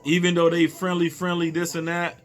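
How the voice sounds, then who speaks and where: A man's voice: a little high, monotone, a little fast, soft background music. Heated profane man telling a story. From Virginia. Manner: heated, profane, repeats himself, acts out quotes. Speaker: man recounting an incident. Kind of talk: angry personal story, told casually.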